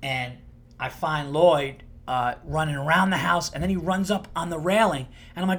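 Podcast host, man, 30s to 40s, a bit high-pitched; casual, profane storyteller who hams up the quotes. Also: normal speed. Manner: animated, acts out quotes with big jumps in pitch and loudness; profane and conversational.

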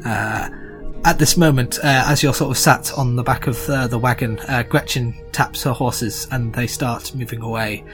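A man's voice: mid-range voice, steady tone, moderate pace, music in the background. A man narrating a tabletop game as game master, rambling with many fillers.

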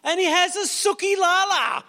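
A man's voice: extremely high pitch, expressive, normal speed, a bit bright, long reverb tail. A man preaching a sermon as a pastor, telling Bible stories in a casual, chatty way and acting out the quotes. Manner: casual, storytelling, acts out quotes.

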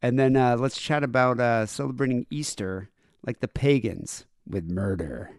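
A man's voice: mid-range voice, moderate pace. A man co-hosting a podcast, trading wisecracks in casual banter. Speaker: podcast co-host.

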